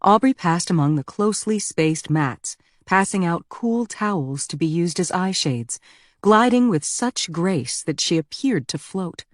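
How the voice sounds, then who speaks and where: A woman narrating a thriller audiobook in a measured, even storytelling delivery on a close mic. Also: fairly low pitch, no room sound.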